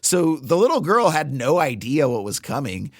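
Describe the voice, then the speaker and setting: A man in his thirties co-hosting a casual film podcast, animated and acting out lines from the movie. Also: on the high side, moderate pace, dry recording, studio quality. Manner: animated, acts out movie lines in funny voices. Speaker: podcast co-host.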